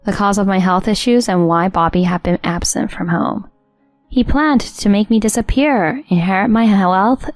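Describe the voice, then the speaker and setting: A woman's voice: mid-range voice, no room sound. Woman narrating a story, dry close sound. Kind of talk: scripted first-person story narration. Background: soft music.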